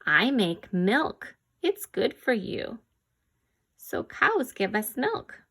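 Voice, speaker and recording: A woman reads a children's farm-animal picture book aloud at an unhurried pace. She pauses to quiz the listener and makes playful animal noises, and a slight gravelly fry runs through her voice. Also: a little high, sing-song. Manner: slow, gentle read-aloud with animal sounds and quiz questions. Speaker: reader.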